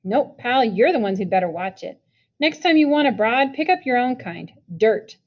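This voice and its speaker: A woman's voice: fairly high pitch, lively intonation, normal speed. A woman voicing a drunk, sneering rich teenage boy who taunts slightly unsteadily, in a storybook reading. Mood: taunting.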